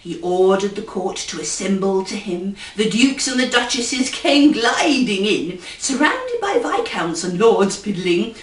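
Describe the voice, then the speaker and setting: A woman's voice: mid-range voice, big pitch swings, unhurried, few pauses. A woman comedy poet and ventriloquist reciting a rhyming fairy tale in a playful, sing-song way. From England. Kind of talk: storytelling verse recitation. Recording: roomy, distant mic.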